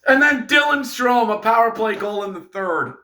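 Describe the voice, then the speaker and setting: A man ranting through a fan recap of a hockey game, exasperated and sarcastic, breaking into shouts. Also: sits high, expressive, normal speed.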